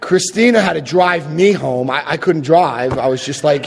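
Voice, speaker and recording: A man telling his own story to an audience, animated and self-mocking, jumping into high yelps when he acts out his past self. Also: measured pace, slightly rough. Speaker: speaker sharing a recovery story. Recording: long hall reverb.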